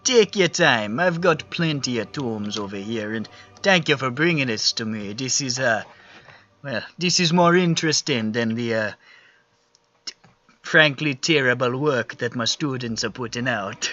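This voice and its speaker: A man's voice: mid-range voice, expressive, a little slow, sharp tone, muffled recording. A man voicing a friendly male scholar, putting on a Jamaican accent and talking in an easygoing, chatty way. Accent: Jamaican, put on.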